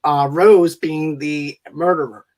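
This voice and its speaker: A man's voice: on the high side, fairly even intonation, takes it slowly, darkish tone. Man, podcast host, casual movie review chat, rambling recap, restarts. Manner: rambling retelling with fillers and restarts.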